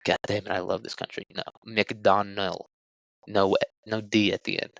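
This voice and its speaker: A man's voice: lowish voice, level tone, fairly quick, creaky, no room sound, rough recording. A young man hosting a solo podcast, rambling crudely with jokes and lots of fillers. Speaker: podcast host. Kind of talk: casual solo podcast talk.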